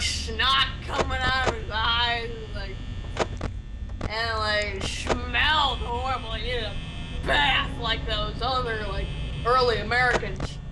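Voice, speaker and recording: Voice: medium pitch, noisy background. A storyteller rambling through an absurd comedic tale in a strained, put-on silly voice, full of fillers and restarts.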